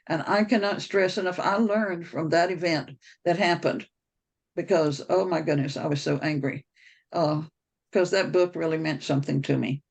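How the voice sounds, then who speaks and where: Brief: storyteller with a creaky, gravelly voice and a middle pitch, rambling and anecdotal, heard over a video call. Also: low-quality recording. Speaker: speaker on a members' call. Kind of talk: personal storytelling talk.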